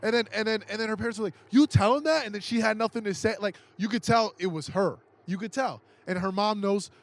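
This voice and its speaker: A man's voice: high voice, steady tone, fast talker, a bit bright. A young man, a podcast guest, tells a story in casual, profane talk, acting out what others said and restarting his sentences often. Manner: profane, acts out quoted voices. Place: indoors, podcast recording.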